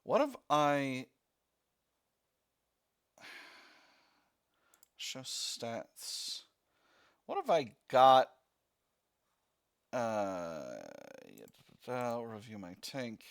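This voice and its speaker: A man's voice: mid-range voice, big pitch swings, drawn-out words, long pauses, clean tone. Man reading a text game aloud. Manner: reads narration, thinking aloud with fillers and restarts. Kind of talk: let's-play narration.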